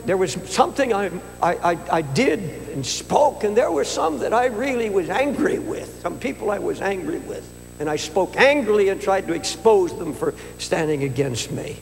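An older male pastor preaching with earnest, personal storytelling, often stumbling over his words. His voice sits high and has a gravelly edge. It is recorded in a large hall with long reverb and a faint hum underneath. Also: animated, moderate pace. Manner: earnest, personal storytelling with repetitions and stammered restarts. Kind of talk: sermon.

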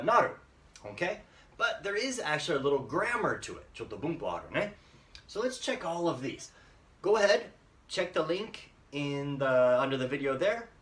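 Lively, chatty English teacher in an echoey room. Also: mid-range voice, distant mic. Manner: playful, chatty, checks in with listeners often. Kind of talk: casual English lesson for Japanese learners.

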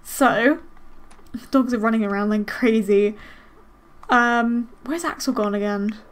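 This is a young woman with a high, bright-sitting voice narrating her game session. She chats casually, wonders aloud about what is happening on screen and breaks into excited gasps. Her delivery stays lively and unscripted. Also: measured pace. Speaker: gaming host. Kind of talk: casual let's-play commentary.

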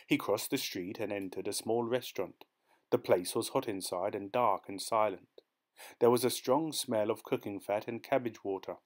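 Man, audiobook narrator, measured storytelling, fairly low pitch.

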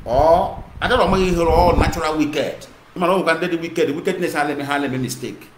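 Speaking fairly quickly in a slightly high voice, a man with a Nigerian Igbo accent gives a passionate monologue as an activist broadcaster. He blends English with Igbo and repeats himself, and the echoey room carries clear noise.

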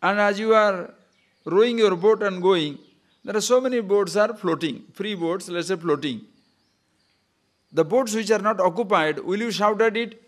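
A man giving a spiritual discourse to a live class, asking rhetorical questions and acting out little shouted scenes. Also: sits high, moderate pace, pauses often. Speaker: spiritual teacher.

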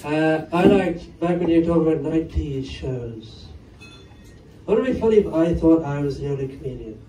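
A man with a fairly high, expressive voice does a stand-up set on a comedy club stage, talking at a normal speed in a warm tone and rambling wryly with the crowd between jokes. The live club sound is roomy and picked up from a distance, with audience laughter and faint music in the background.

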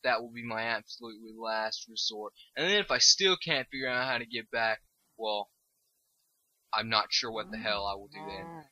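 Young guy doing game commentary, super bright edgy voice, rambly crude jokes, squeals up high when excited. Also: moderate pace, rough recording. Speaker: gaming video host. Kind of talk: gameplay commentary.

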